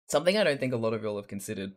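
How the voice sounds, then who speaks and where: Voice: mid-range voice, big pitch swings, rapid-fire. A young adult with a mild Australian accent chatting casually on a live stream while drawing, rambling and laughing often, with the odd swear.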